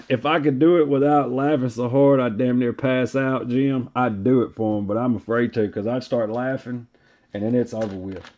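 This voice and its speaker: A man's voice: medium pitch, steady tone, normal speed, darkish tone. A man with a Tennessee Southern accent hosting a live card break, reading off player names in a laid-back drawl while chatting with viewers. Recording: lo-fi stream audio.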